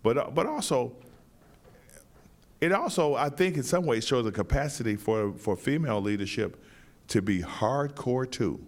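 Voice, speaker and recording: A man who wrote and staged the play, answering interview questions in a thoughtful, halting way with many restarts. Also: mid-range voice, lively intonation. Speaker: playwright and director.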